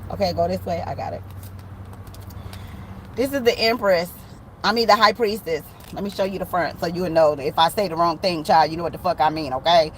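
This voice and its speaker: An animated woman reads tarot in a casual, slangy way. Her speech is loose and full of swearing. Faint noise hums behind her voice. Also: on the low side, fairly quick, poor audio. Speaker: tarot reader.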